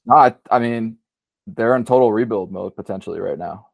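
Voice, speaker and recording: A man's voice: lowish voice, a little fast, vocal fry, no room sound. A man co-hosting a casual podcast, teasing his friends and talking with plenty of fillers. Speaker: podcast co-host. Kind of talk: casual sports-betting chat.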